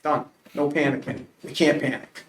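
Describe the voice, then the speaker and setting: A man's voice: on the high side, level tone, moderate pace, slight background noise. A man from Massachusetts answering a council committee's interview questions, earnest and emphatic, telling stories with frequent restarts. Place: council chamber. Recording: roomy public meeting audio.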